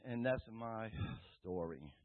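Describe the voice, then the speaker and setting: A man giving an earnest, rambling personal testimony to a church group, rising loud when he quotes himself, with a tinny phone-like sound. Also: fairly low pitch, animated, takes it slowly, a little hiss or hum. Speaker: testimony speaker.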